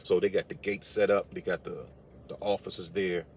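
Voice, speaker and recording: A man delivering an animated storytelling monologue, emphatic and incredulous, his voice climbing when he gets worked up. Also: deep voice, moderate pace, slight background noise. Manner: emphatic, incredulous, rises sharply when outraged.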